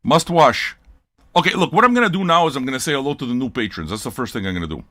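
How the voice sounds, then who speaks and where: Older man ranting, bright and lively. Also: medium pitch, quick pace, no room sound, studio quality. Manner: profane, blunt, rambling. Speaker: host of a record-listening show. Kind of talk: casual livestream rant.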